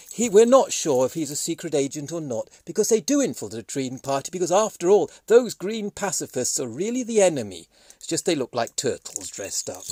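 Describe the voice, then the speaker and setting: A man's voice: fairly high pitch, darkish tone. A man vlogging in a rambling, sardonic monologue that jumps from topic to topic.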